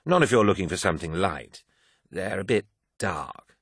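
A man voicing an egotistical male poet who speaks in a guarded, measured way in a storybook reading. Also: low voice, expressive, fairly bright tone, husky, no room sound, clean studio sound, full character voice.

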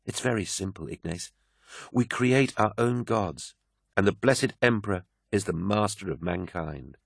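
A man's voice: on the low side, measured pace, vocal fry, breathy edge, no echo, studio quality, full character voice. A man voicing a fervent, devout young woman who preaches earnestly.

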